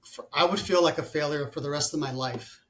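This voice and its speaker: Founder guest, man in his forties, fairly high voice, loose rambling delivery full of "you know". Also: brisk, fairly bright tone, a little hiss or hum. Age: 40s. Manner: rambling, many fillers and restarts. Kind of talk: casual interview conversation.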